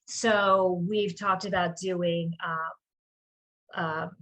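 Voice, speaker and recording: A woman who runs a small business, chatting casually on a group video call and telling a rambling, animated story. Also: on the low side, drawn-out words.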